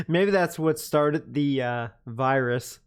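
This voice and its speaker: On a livestream, a man with a fairly high, smooth voice chats casually. He's giggly, often breaking into laughter and laughing through his words.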